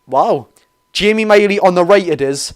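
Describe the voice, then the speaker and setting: A young man with a Geordie accent doing a live football watch-along, chatting to viewers and calling the play excitably. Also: sits high, normal speed. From North East England. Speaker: football fan streamer.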